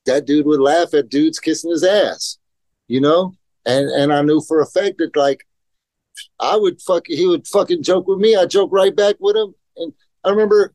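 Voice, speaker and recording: A man's voice: fairly high pitch, darkish tone, dry recording. Rambling, profane man telling skate stories. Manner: rambling, profane, acts out quotes. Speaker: guest, professional skateboarder. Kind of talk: casual podcast interview, storytelling.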